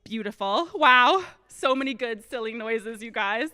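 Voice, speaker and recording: A woman minister reading a silly story to children during a church service, playful and expressive. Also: on the high side, a little slow, hardly any pauses. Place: church sanctuary. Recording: long reverb of a large hall.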